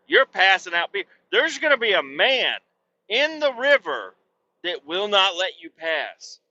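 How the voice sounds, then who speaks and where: A man's voice: high voice, sharp tone, muffled recording. A man hosting a podcast and telling a rowdy, profane, rambling comic story. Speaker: podcast host.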